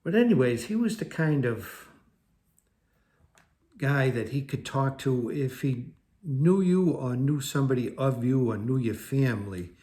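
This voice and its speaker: Man, personal story, rambling, conversational, self-correcting, medium pitch. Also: lively intonation, measured pace, warm tone. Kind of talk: personal recovery story told to camera.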